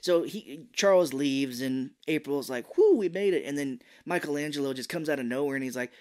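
A male podcast co-host in an easy, chatty recap of an old favorite film. His voice sits at an ordinary middle pitch, and he keeps slipping into goofy impressions of the characters as he tells it. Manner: animated retelling, breaks into quick silly character voices. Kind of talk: casual movie recap chat.

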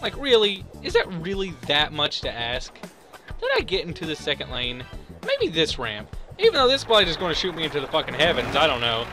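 A young man commentating a physics game he is playing, excitable, swearing and shouting at the screen. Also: a little high, brisk, music in the background. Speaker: gaming YouTuber. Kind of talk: let's play commentary.

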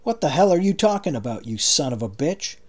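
A man's voice: a little high, big pitch swings, brisk. A man voicing a boastful, pushy American prisoner who runs the camp. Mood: furious. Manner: blunt, profane, pushy.

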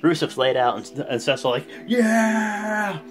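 Animated man rambling through a recap. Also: medium pitch, moderate pace, soft background music. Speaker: host. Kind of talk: casual wrestling recap vlog.

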